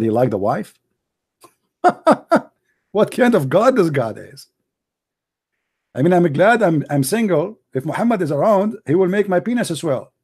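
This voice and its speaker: A man hosting a heated call-in debate, mocking and combative, his voice going hoarse. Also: on the high side, a little mellow. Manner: mocking, combative, repeats himself. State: losing his voice. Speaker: debate show host.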